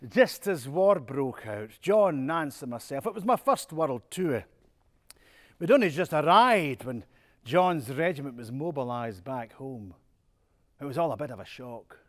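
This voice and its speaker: An actor playing an older Scottish music-hall star in a stage monologue, telling stories with a chuckling, self-mocking manner. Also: male voice, a little high. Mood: wistful reminiscing. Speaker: music-hall performer in a one-man stage show. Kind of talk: theatrical monologue.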